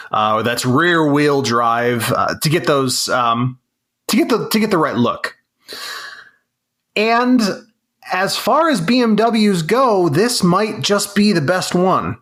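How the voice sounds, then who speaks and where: A man's voice: fairly high pitch, lively intonation, slow pace, long pauses, fairly bright tone. A man co-hosting a casual car podcast, rambling and reasoning aloud with frequent restarts. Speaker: podcast co-host.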